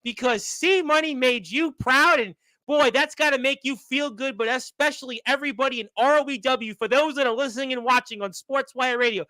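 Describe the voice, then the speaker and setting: A man's voice: very high voice, fairly quick, few pauses, bright, forceful tone, dry recording. Chatty wrestling radio host man. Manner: chatty, laughs often, rambling. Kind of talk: casual sports radio chat.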